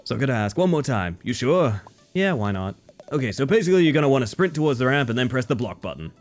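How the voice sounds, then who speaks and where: Boastful racing snail guy, a streamer puts him on, lively up-and-down brag, a bit strained, swears. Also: medium pitch, fast talker, soft background music, natural voice. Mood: cocky. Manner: boastful hype-man patter, swears. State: voice strained from the put-on. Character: cocky male speed-crazed racing snail champion.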